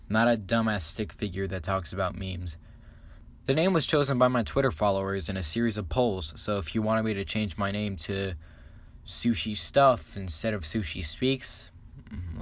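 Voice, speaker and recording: A young man giving a sarcastic, swearing comedic review of internet memes. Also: fairly low pitch. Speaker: meme commentary YouTuber.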